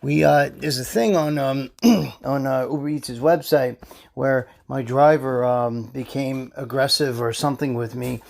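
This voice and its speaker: A man's voice: medium pitch, measured pace, creaky, a little mellow. A man telling a long, rambling, profane story as a vlogger, heated and indignant, peppering every line with "you know" and "right?". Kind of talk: casual storytelling rant.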